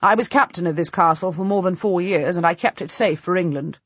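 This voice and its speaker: A woman's voice: on the low side, fairly quick, husky, dry recording. A woman reading an audiobook voices a composed nobleman who asks plainly for his usual rooms. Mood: calm. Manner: matter-of-fact, demanding. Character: dignified nobleman, calm husband. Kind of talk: audiobook narration.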